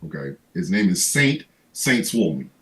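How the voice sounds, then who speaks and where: A man's voice: low-pitched, very animated, moderate pace, poor audio. A man hosting a livestream, ranting in casual comedic chat with lots of profanity and stammered restarts. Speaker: livestream host.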